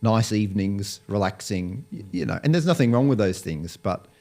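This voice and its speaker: A man's voice: fairly low pitch, lively intonation, moderate pace, darkish tone. A man speaking as an interview guest, explaining his views in a thoughtful way with frequent restarts. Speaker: Bible college lecturer, guest. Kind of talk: conversational interview.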